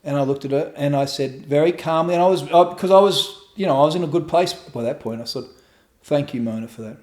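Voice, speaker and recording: A man's voice: on the high side, fast. A middle-aged man telling a raw personal story as a podcast guest, swearing freely and acting out what people said. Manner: profane, animated storytelling with acted-out quotes. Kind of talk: candid storytelling interview. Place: room in his home. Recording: echoey room at home.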